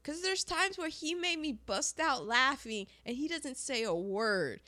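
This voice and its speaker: A woman's voice: high voice, lively intonation, unhurried, sharp tone. A woman co-hosting a casual movie podcast, talking animatedly and laughing often as she retells scenes. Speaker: podcast co-host.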